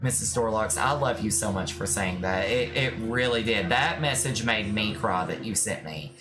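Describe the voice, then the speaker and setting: On a live stream with background music, a tarot reader chats casually and affectionately with viewers, reassuring them and calling them "my love." The voice is medium-pitched at a normal speed.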